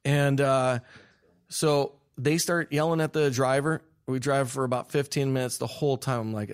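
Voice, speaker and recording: Young male interview guest, lively storyteller, mid-pitch, restarts often, laughs through his story. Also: moderate pace, clear, resonant tone. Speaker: guest filmmaker. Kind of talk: animated storytelling.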